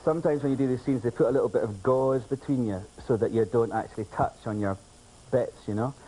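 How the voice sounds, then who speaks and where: A man's voice: mid-range voice, fast, warm tone, a little hiss or hum, poor audio. A man guesting on a talk show, telling cheeky anecdotes with lots of giggling. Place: television studio.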